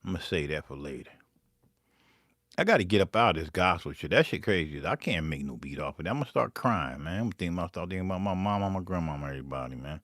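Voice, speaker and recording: A man's voice: low-pitched, quick pace, no room sound, studio quality. A man chatting casually while making beats live, rambling and profane. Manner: profane, rambling, animated storyteller. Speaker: beatmaker streaming live.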